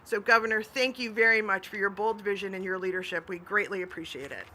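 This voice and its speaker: A woman's voice: mid-range voice, fast talker, very noisy. A woman transportation commissioner giving upbeat prepared remarks at a press event. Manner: upbeat, laughs between remarks.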